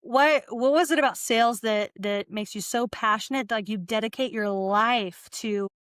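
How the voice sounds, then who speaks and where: A woman's voice: a little high, normal speed, a bit bright, smooth, dry recording, studio quality. A young woman hosting a podcast, bubbly and enthusiastic, with many fillers. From United States. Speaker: podcast host. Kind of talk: casual interview hosting.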